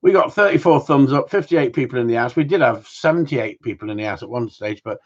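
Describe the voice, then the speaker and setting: A man's voice: medium pitch, lively intonation, fast talker. A man hosting a casual live-stream Q&A from home, rambling and joking with mild swearing. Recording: slightly dull lo-fi sound.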